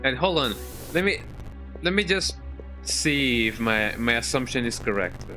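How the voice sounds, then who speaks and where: A man streaming a video game live, talking to himself in a worried, halting way and yawning now and then. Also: medium pitch, expressive, sharp tone, faint music behind. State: sleepy, yawning. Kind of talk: casual live gameplay commentary.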